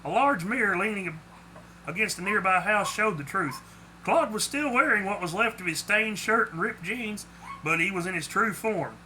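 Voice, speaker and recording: Guy reading his own story aloud, plain delivery, kinda high voice, small slips. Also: sharp tone, slight background noise, rough recording. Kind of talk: storybook narration.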